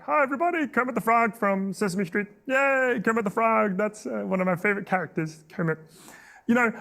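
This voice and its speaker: Kermit, the high chirpy frog. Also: male voice, fairly bright tone. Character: cheerful male frog puppet.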